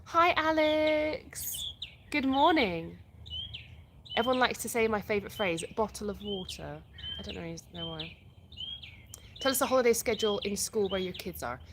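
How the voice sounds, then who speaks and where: An English woman hosts a relaxed live stream and chats her way through viewer questions one by one. Her voice sits at an ordinary middle pitch, and she restarts sentences as she goes. Faint birdsong drifts along behind her. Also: moderate pace, long pauses, noisy background. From England. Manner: reads viewer comments aloud and answers them, chatty with restarts. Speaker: livestream host. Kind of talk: casual live-stream chat.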